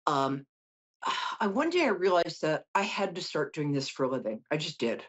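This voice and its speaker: A woman's voice: sits low, big pitch swings, moderate pace. A middle-aged woman hosting a call-in psychic show, reading tarot cards in a chatty, joking way with lots of asides. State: tired from no sleep. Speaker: psychic host.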